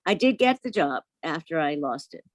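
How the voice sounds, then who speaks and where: An older woman with a New York accent tells stories from her career in a lowish voice. She acts out the voices of the people she quotes, and the recording sounds dry and close. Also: sing-song, moderate pace, no echo. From Brooklyn, New York. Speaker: voice actress guest. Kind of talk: casual interview chat.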